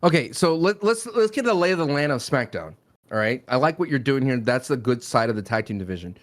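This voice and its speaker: A man co-hosting a wrestling podcast in casual chat, animated and playful, stumbling over quick restarts. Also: mid-range voice. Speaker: podcast co-host.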